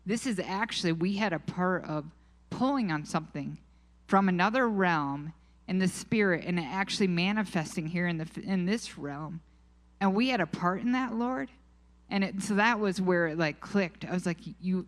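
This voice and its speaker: A woman's voice: fairly low pitch, moderate pace. A woman speaking to a church group, sharing personal faith stories in a conversational way and acting out quoted dialogue.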